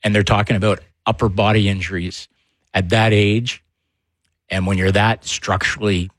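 A man, co-hosting a casual sports talk show and telling animated stories. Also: lowish voice, normal speed, no room sound, clean studio sound. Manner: animated storyteller, laughs often. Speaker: sports radio co-host, former player.

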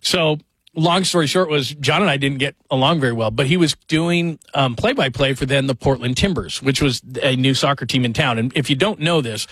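A man's voice: medium pitch, fairly quick, slightly rough, no echo. A man in his forties hosting a radio show, telling stories in a rambling, self-mocking, casual way. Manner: rambling, self-deprecating, animated storytelling. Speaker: radio host. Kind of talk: casual chat.

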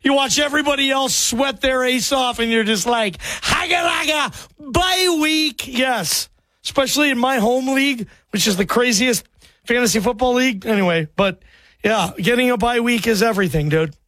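A man hosting a sports talk radio show, energetic and chummy, full of slang as he takes calls. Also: very high-pitched, normal speed, no room sound. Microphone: studio microphone.

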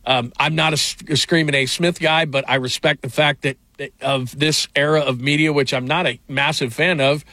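There's no echo as a middle-aged sports radio host rambles through anecdotes in casual sports talk, heavy with fillers, restarts, and laughs. He speaks at a moderate pace with hardly any pauses, in a fairly high, pushed, bright voice with fairly even intonation.

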